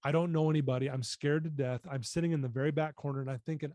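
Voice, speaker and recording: Earnest man in his fifties, mellow voice. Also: fairly high pitch, fairly even intonation, fast talker, dry recording. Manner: earnest, emotional storyteller. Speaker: guest. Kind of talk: storytelling in a podcast interview.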